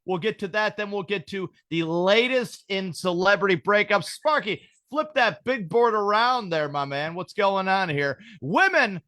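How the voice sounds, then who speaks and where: A man's voice: high voice, lively intonation, measured pace, few pauses, sharp tone, dry recording. A man hosting a podcast, rambling through stories in casual comedic chat, swearing freely. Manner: profane, rambling storyteller. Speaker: podcast host.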